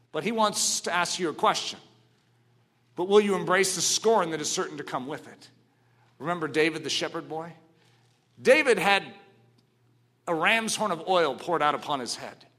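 A man preaching a sermon, telling stories dramatically and swinging from hushed to ringing. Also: sits high.

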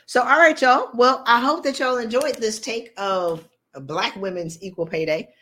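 A woman hosting a podcast, giving a motivational talk in an animated, playful, colloquial way. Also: fairly high pitch, normal speed. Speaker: podcast host.

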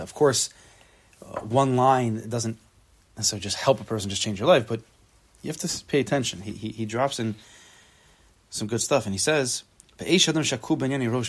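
A man teaching a relaxed Torah class, translating the text phrase by phrase, with joking asides and repeated words as he thinks aloud. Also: medium pitch. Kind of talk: casual spoken Torah class.

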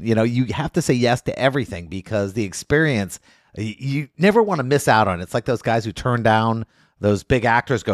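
Animated comic storyteller. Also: male voice, mid-range voice, a little fast, no room sound, clean studio sound. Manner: animated, acts out quoted voices. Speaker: guest, lawyer and comedian. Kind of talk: comic storytelling in casual chat. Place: studio.

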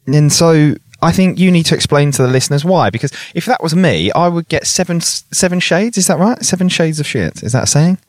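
A man's voice: fairly high pitch, lively intonation, a little fast, hardly any pauses, a little mellow, no echo, studio quality. A young man co-hosting a podcast outdoors, teasing his friend, laughing often and swearing casually. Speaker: podcast co-host. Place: outdoors on a hillside.

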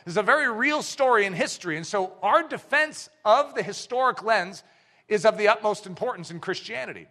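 Male pastor, high bright voice, emphatic sermon delivery that climbs to shouts, long church reverb. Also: expressive, brisk. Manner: emphatic preaching that builds to shouts.

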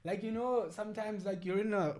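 A man's voice: sits high, a little fast, a little mellow. A young man co-hosting a podcast, talking in slang-heavy banter and calling people "bro" and "dog.". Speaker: podcast co-host. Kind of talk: casual chat.

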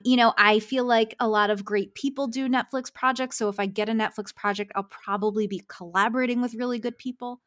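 A woman's voice: on the high side, fairly even intonation, a little fast, hardly any pauses, a bit bright. A woman, a success coach, talking earnestly in a podcast interview and laughing often.

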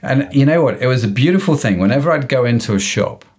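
A man's voice: medium pitch, lively intonation, fast talker, darkish tone, breathy edge. A man from England with a British accent, hosting a podcast in a chatty, jovial way and calling people "mate". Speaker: podcast host. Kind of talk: casual interview chat.

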